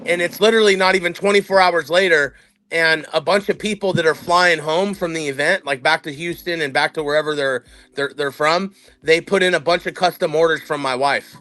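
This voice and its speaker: Bright-voiced man telling rambling stories. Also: on the high side, brisk, no room sound. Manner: swears freely, rambling storyteller. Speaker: livestream co-host. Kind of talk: casual chat.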